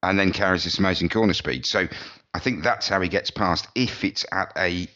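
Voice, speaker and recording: Very low-voiced rambling male podcaster. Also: fairly quick, bright, forceful tone, lo-fi sound. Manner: rambling, chatty, many restarts. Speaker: podcast co-host. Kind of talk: casual motorsport chat.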